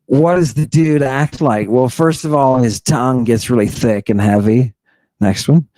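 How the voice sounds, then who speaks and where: An emphatic man lectures to his podcast audience at a middle pitch, his voice dry and close with no room around it. He keeps asking his listeners questions and slips in casual slang as he talks. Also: mellow, no echo. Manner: casual slang, teasing a co-host. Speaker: host lecturing on ancient texts. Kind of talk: animated lecture-style podcast monologue.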